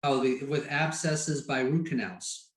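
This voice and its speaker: A man appears as a dentist guest on a podcast. He explains things earnestly at a middle pitch. His voice carries a roomy echo. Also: measured pace. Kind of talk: interview answers.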